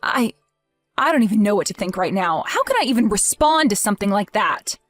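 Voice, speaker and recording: A woman playing a young wife in a dramatized text-message story, emotional and pleading, with halting restarts. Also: medium pitch, big pitch swings, no room sound, faint music behind. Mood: indignant. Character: young wife grieving, hurt and indignant.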